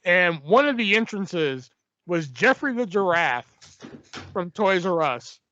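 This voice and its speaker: A young man hosts a podcast in a laid-back, foul-mouthed way and laughs often. His voice sits a bit high for a man. It is recorded dry and dull, on lo-fi sound. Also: big pitch swings, slow pace, sharp tone, no echo. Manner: laid-back, swears freely, laughs a lot. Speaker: podcast host. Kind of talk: casual chat.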